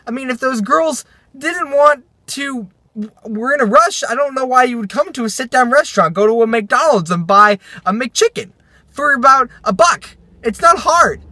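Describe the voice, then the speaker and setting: A man's voice: sits high, dry recording. Dry-sounding young man ranting. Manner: animated storytelling, mimicking customers. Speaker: vlogger, restaurant server. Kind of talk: casual rant vlog. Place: in a car.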